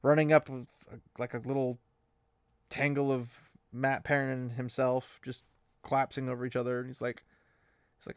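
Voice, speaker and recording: A man hosting a casual podcast, recapping a book with animated energy and frequent laughs, close to the mic. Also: mid-range voice, moderate pace, pauses often, no echo. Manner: animated, laughing often, playful. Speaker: podcast host.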